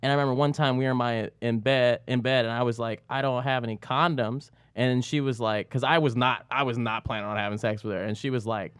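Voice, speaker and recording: A man's voice: mid-range voice, fairly even intonation, fast talker, few pauses, smooth, no room sound, clean studio sound. A young man co-hosting a podcast, chatting casually and telling stories with a playful, joking manner. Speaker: podcast co-host. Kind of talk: casual chat.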